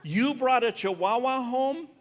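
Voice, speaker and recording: Speaking at a measured pace in a very high, expressive voice, this seventy-something comic works a big conference stage. His style is conversational as he banters with and teases people in the audience.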